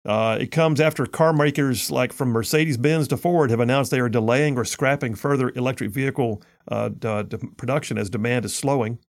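A man's voice: medium pitch, brisk, few pauses. A man hosting a talk radio show, reading news stories and mocking them in a sarcastic, combative way. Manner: sarcastic, combative, reads news then mocks it.

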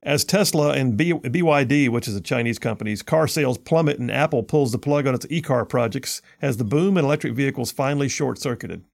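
A man's voice: mid-range voice, brisk, vocal fry, few pauses. A man hosting a talk radio show, reading news stories and mocking them in a sarcastic, combative way. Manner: sarcastic, combative, reads news then mocks it.

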